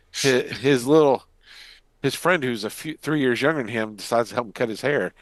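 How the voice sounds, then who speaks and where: A man's voice: medium pitch, no room sound. An older man co-hosting a podcast, telling a rambling, jokey story in casual chat. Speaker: podcast co-host.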